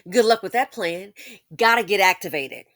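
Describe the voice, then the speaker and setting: A woman's voice: mid-range voice, moderate pace, fairly bright tone, no echo. A woman hosting a commentary monologue, emphatic and preachy, repeating her points for force. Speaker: commentary channel host.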